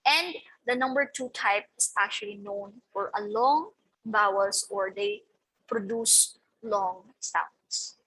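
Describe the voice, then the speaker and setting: A woman teacher with a husky, bright, mid-range voice explains slides in a recorded lecture at a measured pace. She presents the lesson methodically, putting "okay" and "so" between points. The audio quality is poor.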